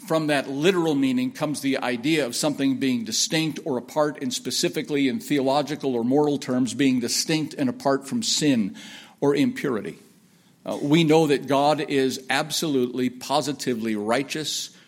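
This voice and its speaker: A man's voice: mid-range voice, moderate pace. A man preaching a sermon, with folksy asides and emphatic repetition, often rambling off topic. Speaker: pastor. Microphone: sermon on an iPad from notes.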